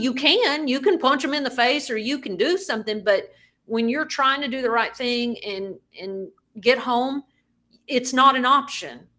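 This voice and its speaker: A woman co-hosting a podcast, telling a story in a lively way and acting out the people she quotes. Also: fairly high pitch. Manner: animated, acts out quoted voices. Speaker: podcast co-host. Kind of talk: casual storytelling.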